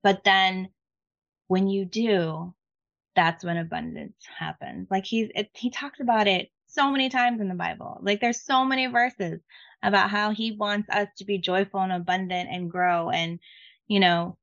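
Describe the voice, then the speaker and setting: A woman guest in a casual faith chat, talking excitedly with many fillers and restarts. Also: mid-range voice, a little slow, gravelly, lo-fi sound. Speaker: podcast guest.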